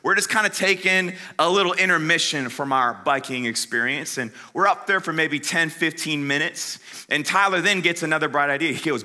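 A man speaking at a youth conference, telling a humorous story in casual slang, swinging from loud to hushed and talking straight to the crowd. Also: fairly high pitch, brisk. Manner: animated, dramatic swings between loud and hushed.

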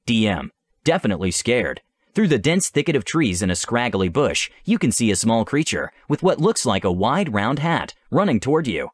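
A male game master reads a fantasy adventure aloud with a lively, animated melody. His delivery is measured and descriptive. The recording is dry and close, with no room echo. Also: mid-range voice. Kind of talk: scripted story narration.

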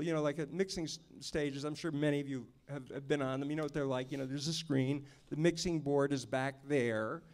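A man, a film director, telling lively stories at an audience Q&A and acting out the people in them. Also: fairly high pitch. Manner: animated storyteller, acts out the people he quotes. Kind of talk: storytelling at a Q&A. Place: stage at a film screening venue.

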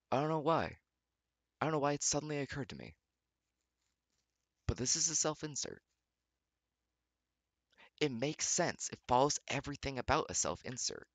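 A man's voice: mid-range voice, bright, forceful tone, dry recording. A young man, the channel's host, reading fanfiction aloud with sarcastic, exasperated commentary and mocking rants at his computer. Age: young adult.

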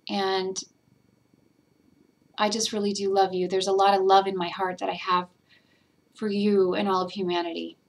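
A woman's voice: mid-range voice, little pitch movement, normal speed, long pauses. A woman talking in a personal vlog, earnest and tender, emotional as she shares a spiritual reflection. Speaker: spiritual guidance vlogger. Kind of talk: heartfelt personal vlog talk.

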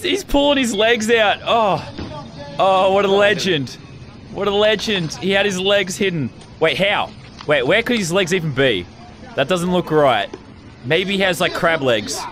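Australian man, brash profane commentary, high voice, bouncy swinging delivery. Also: a bit bright. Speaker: YouTuber. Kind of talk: comedic reaction commentary.

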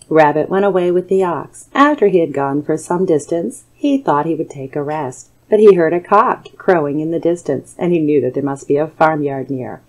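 Soothing, mellow woman storyteller. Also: low-pitched, low-quality recording. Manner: soothing, measured. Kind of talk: calm bedtime story narration.

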